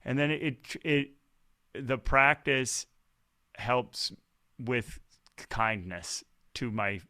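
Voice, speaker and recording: A male podcast host talks over a video call in a bright, forward voice. He chats casually and tells animated, self-deprecating stories, sometimes acting out his own inner voice. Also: mid-range voice, drawn-out words. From Canada.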